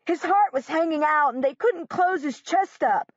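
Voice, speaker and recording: Picture a hostile schoolboy bully who shouts and snaps, a woman reading him with a raised, strained pitch and a sharply different edge to the voice. The sound is dull and muffled, with a dry, close feel. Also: big pitch swings, unhurried, no room sound, exaggerated voice. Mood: defensive shouting. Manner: shouting, defensive. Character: angry defensive schoolboy bully.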